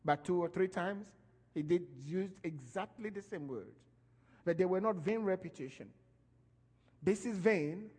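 A man preaching a sermon, animated and emphatic, his voice rising and falling as he stresses his points. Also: sits high, measured pace, breathy edge, long reverb tail.

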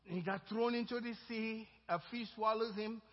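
A man's voice: sits high, fairly even intonation, moderate pace. A male pastor preaching a sermon, moving from personal storytelling to fervent exhortation. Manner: storytelling, then rising to loud fervent exhortation. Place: church sanctuary. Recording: dull lo-fi church recording with long reverb.

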